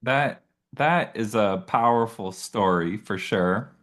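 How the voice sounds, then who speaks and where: A man's voice: lowish voice, slow, fairly bright tone. A man hosting a parenting podcast interview, upbeat and affirming with his guest. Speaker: podcast host.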